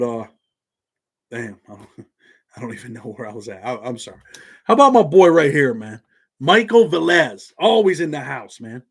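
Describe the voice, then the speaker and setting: A man's voice: mid-range voice, a bit bright, slightly rough. A man with a Southern accent hosting a live stream from his home office, talking in laid-back street slang. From Indiana. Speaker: channel host.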